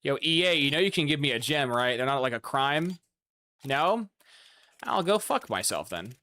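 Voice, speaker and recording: Male streamer, mid-pitched, swearing and joking through gameplay. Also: big pitch swings, a little fast, bright, forceful tone. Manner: profane, chatty, sarcastic. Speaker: gaming streamer. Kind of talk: casual gameplay commentary.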